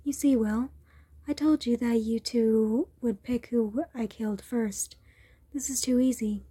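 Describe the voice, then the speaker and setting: A woman voicing a menacing male killer who taunts his captive in a slow whisper. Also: on the high side, dark tone, breathy edge. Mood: taunting.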